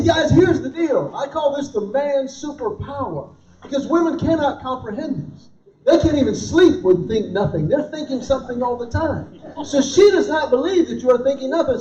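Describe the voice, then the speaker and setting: Very high-voiced middle-aged man doing stand-up. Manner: animated storytelling, acting out quoted voices. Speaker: comedian. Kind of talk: live stand-up comedy. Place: dinner event in a large room. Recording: roomy, distant, dull live room sound.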